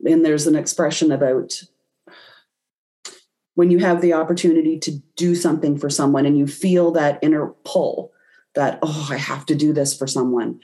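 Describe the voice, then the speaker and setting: A woman's voice: low voice, steady tone, normal speed, warm tone. A woman guest in an interview, telling a personal story and acting out her own reactions as she goes. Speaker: guest, intuitive reader.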